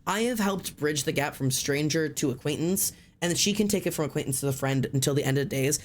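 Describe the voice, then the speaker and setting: A man chatting casually with his live stream audience, excitable and frank, repeating words, saying "like" often and swearing freely. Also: fairly high pitch, brisk.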